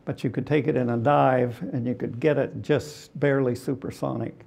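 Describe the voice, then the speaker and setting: An older man with a deeply gravelly, crackly voice at a middling pitch tells war stories on stage. He speaks haltingly, full of "uh"s, and chuckles between anecdotes. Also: fairly even intonation, darkish tone. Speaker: retired fighter pilot guest. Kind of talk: onstage interview storytelling.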